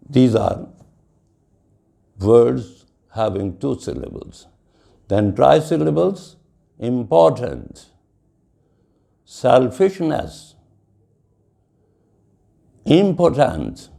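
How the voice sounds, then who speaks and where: Slow gravelly male English lecturer. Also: mid-range voice, mellow. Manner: slow, spells words out letter by letter; mixes Hindi with English. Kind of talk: classroom lecture.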